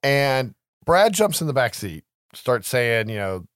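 A man's voice: medium pitch, a little slow, no echo, clean studio sound. A man in his thirties co-hosting a podcast, recapping a movie in casual chat, swearing, laughing and acting out lines from the film. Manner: animated storyteller, acts out quotes, swears, laughs often. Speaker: podcast co-host.

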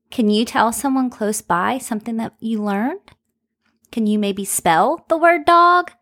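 A woman leads a children's alphabet lesson in a gently raised voice, taking her time. She stretches each letter sound out slowly and warmly encourages young listeners to repeat after her. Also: a little high. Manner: slow, stretched-out phonics sounds. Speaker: children's podcast host and teacher. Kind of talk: slow, sing-song teaching for young children.

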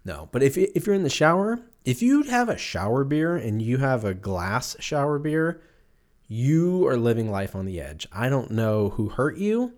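Profane thirty-something podcast host rambling. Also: male voice, mid-range voice, big pitch swings, moderate pace, a little mellow. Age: 30s. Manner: loose, profane, jokey storytelling. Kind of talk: casual solo podcast rambling.

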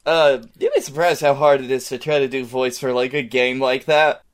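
A man co-hosting a casual wrestling podcast, telling stories in a relaxed, amused way. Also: mid-range voice, normal speed. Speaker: podcast co-host.

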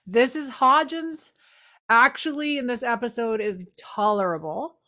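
A woman's voice: fairly high pitch, unhurried, no room sound, studio quality. A woman co-hosting a podcast, chatting casually and animatedly as she recaps a TV episode. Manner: chatty, animated retelling with playful voices. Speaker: podcast co-host.

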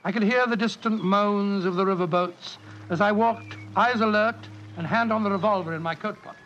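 An actor playing a proper doctor who narrates in a measured, dramatic way, in the style of a 1940s radio drama. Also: male voice, sits high, fairly bright tone, slight background noise. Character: earnest male doctor narrator, proper and upright. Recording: dull old radio recording with music.

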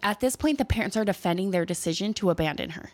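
A woman's voice: mid-range voice, quick pace. Chatty young woman telling a story. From Southern California. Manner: chatty, animated, jumps into playful voices when quoting people. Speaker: podcast co-host. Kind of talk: casual storytelling chat.

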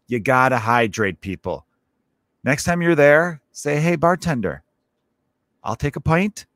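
A man's voice: medium pitch, a bit bright, no room sound. A man hosting his own podcast as a stand-up comedian, rambling through a profane comic monologue and acting out little scenes in other voices.

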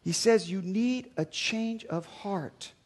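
A man preaching a sermon as a pastor, swinging from quiet reflection to loud acted-out dialogue. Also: sits high, takes it slowly, breathy edge. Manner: dynamic preaching, acts out dialogues with rising volume.

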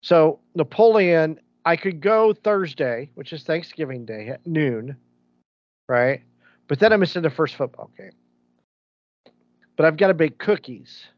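A man's voice: a little high, expressive, unhurried, long pauses, no echo, lo-fi sound. Rambling man in casual podcast chat. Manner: rambling, restarts, laughs while telling stories. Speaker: podcast co-host.

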